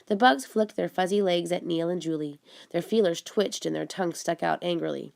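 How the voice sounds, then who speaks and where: Woman narrating a storybook, slight fry. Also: fairly low pitch, normal speed. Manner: steady, expressive reading. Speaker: audiobook narrator.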